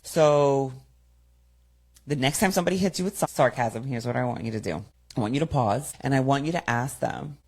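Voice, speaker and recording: A woman hosts her own podcast as a communication coach. Her voice sits low with a gravelly edge. She speaks directly and repeats key phrases for emphasis. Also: darkish tone. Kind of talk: solo podcast talk, coaching.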